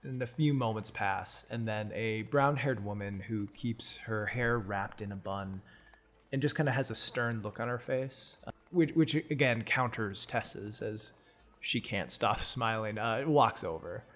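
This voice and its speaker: A man's voice: on the low side, a little slow, a bit bright. Easygoing man narrating as game master. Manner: easygoing, laughs while narrating.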